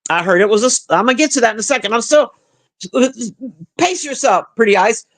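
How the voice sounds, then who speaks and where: A man's voice: high-pitched, expressive, very fast, fairly bright tone. A man livestreaming, chatting casually and crudely with his viewers in a rambling way. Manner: profane, chatty, talks to the chat. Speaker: livestream host.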